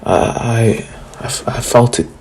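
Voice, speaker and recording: A man's voice: medium pitch, measured pace, a little mellow, slight background noise, lightly acted. A man voicing an earnest, kind boy ninja in a retold fan story, speaking in a reassuring way.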